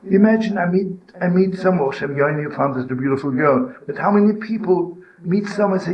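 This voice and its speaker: A man's voice: brisk, few pauses, poor audio. Older man teaching with stories. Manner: storytelling, with frequent "you know" and "right?"; swings to loud, high scolding when voicing the inner voice. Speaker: rabbi and storyteller. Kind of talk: informal teaching talk.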